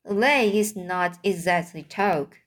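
Woman doing a slow, earnest gentle giant. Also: lowish voice. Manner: slow, earnest, mangled grammar. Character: kindly giant man, odd grammar.

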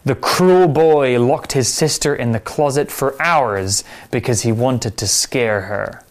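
A man teaching English vocabulary, explaining words slowly and carefully with example sentences. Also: medium pitch. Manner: slow, careful, clear explanations.

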